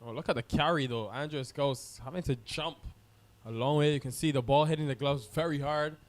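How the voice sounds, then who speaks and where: Male cricket commentator, slightly high, smooth and clear, chatty play-by-play. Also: normal speed. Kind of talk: live sports commentary.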